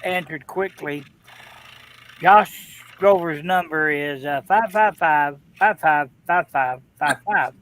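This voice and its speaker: Guy co-hosting a stream, kinda high voice, dry teasing jokes. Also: takes it slowly, fairly bright tone. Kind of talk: casual live-stream banter.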